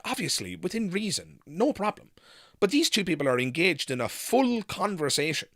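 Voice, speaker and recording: Forceful man telling a frank story. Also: medium pitch, dry recording, clean studio sound. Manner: animated, frank, swears casually. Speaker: host. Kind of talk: live Q&A storytelling.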